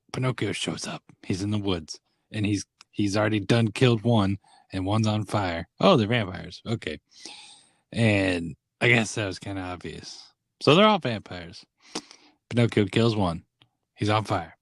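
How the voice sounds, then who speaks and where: A man with a fairly low voice chats casually on a podcast, walking through a film's plot and dropping into quick quoted lines. He laughs easily. The sound is dry and close to the mic. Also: no echo. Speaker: podcast co-host. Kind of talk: casual chat recapping a film.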